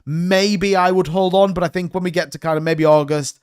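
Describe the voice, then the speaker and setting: Chatty man, fairly high voice. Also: fairly even intonation, moderate pace, clear, resonant tone. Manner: rambling, hedging, chatty. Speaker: live stream host. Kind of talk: casual crypto market commentary.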